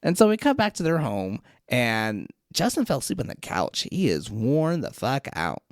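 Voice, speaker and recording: A podcast co-host casually recapping a TV episode, telling the story in an animated way and acting out the lines. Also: medium pitch, normal speed, no echo, studio quality. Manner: animated storyteller, acts out quotes.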